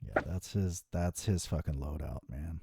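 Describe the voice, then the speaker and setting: A man co-hosting a casual podcast chat, laid-back and profane, with quick reactions. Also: a bass voice, vocal fry, darkish tone. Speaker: podcast co-host.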